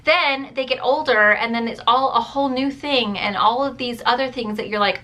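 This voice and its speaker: Woman, 30s, vlogging mom; bright and forceful, slightly high, rambly and full of "like", throat a bit dry. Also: normal speed, few pauses. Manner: chatty, rambling, says "like" and "dude" a lot. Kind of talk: casual chat to camera.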